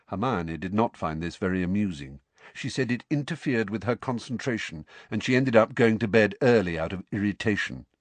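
Expressive man reading a story aloud. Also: fairly low pitch, brisk, no room sound. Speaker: audiobook narrator. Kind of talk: storybook narration.

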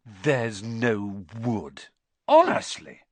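A man's voice: sits high, expressive, a little slow, fairly bright tone, dry recording, pitched above the performer's own voice, full character voice. A man voicing a bossy, clever young schoolgirl witch who scolds shrilly in a storybook reading. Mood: shrill, bossy.

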